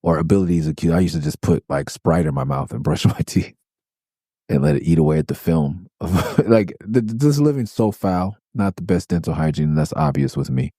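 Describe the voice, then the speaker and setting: His low voice brisk and creaky, a podcast host from Los Angeles swaps tour stories in casual, swear-heavy fashion, acting out quotes with his voice raised. The studio sound is clean, with no room sound.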